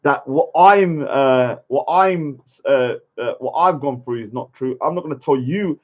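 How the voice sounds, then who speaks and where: A man's voice: medium pitch, unhurried. A man, ranting casually on a livestream and arguing his point, often tagging lines with "yeah?". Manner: argumentative, keeps adding "yeah?" tags. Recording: dull lo-fi stream audio.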